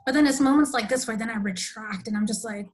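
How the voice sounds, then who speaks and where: A woman hosts a casual podcast conversation, thoughtful and animated. Her voice sits fairly high. She laughs easily as she talks. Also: slight background noise. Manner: reflective, animated, with quick laughs. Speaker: podcast host.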